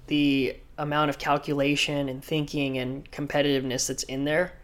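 A man telling a story in casual chat, animated, acting out quotes and laughing. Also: fairly high pitch, moderate pace. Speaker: guest surfer.

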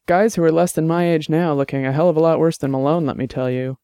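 A man's voice: a little high, steady tone, fast talker, dark tone, clear, resonant tone, no room sound, clean studio sound, close to an everyday voice. A man voicing a wry, casual detective in an audiobook. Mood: rueful.

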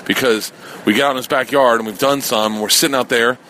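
Male podcast host, mid-pitched, loose profane dream-story monologue with faint background noise. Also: quick pace. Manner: rambling, profane, animated storytelling.

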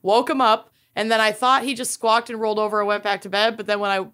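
A Minnesotan woman co-hosting a podcast in casual chat, bantering quickly and laughing often. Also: mid-range voice, little pitch movement, fairly bright tone, clear, resonant tone. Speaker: podcast co-host.

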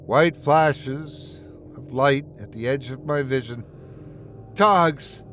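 A man narrating a first-person horror story in a measured, steady storytelling voice. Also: mid-range voice, a little hiss or hum.

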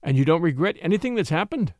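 A male reader voicing a gallant young attorney in a storybook, speaking in a courteous, warm manner. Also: on the high side, sing-song, quick pace, no echo, clean studio sound. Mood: tender.

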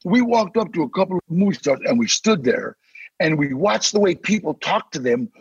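An older man with a gravelly, husky voice tells stories in a relaxed interview, his pitch swinging widely as he acts out the people he quotes and drops low into growled threats. The sound is dry and a little dull. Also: moderate pace, no room sound. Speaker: podcast guest, actor. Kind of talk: casual storytelling interview.

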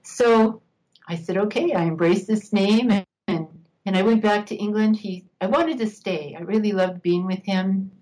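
Reflective and in no rush, an older female interview guest shares a story from her life, occasionally laughing. She has a mid-range, darkish voice, captured on poor audio.

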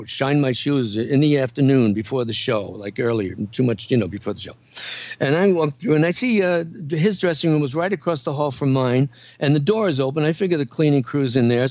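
An older man, a comedian guest, telling show-business stories in a relaxed interview, with lots of restarts and laughter. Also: a little high, dry recording. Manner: animated storyteller, full of restarts and laughter. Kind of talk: casual interview storytelling.

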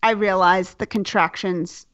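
A young woman telling a personal story in casual chat, candid and lively, swearing freely. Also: mid-range voice, unhurried, dry recording. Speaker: guest telling her birth story. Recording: dull, dry sound.

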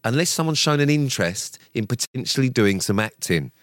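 A man's voice: medium pitch, animated, fairly quick, dry recording, studio quality. A man co-hosting a podcast, teasing his co-host and swearing in casual chat. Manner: teasing, swearing, mock-serious.

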